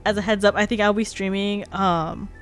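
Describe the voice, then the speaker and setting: A woman's voice: medium pitch, fairly even intonation, moderate pace. A young adult woman chatting casually on a live stream, rambling and filling her talk with "like". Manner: chatty, rambling, heavy use of "like". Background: faint background music.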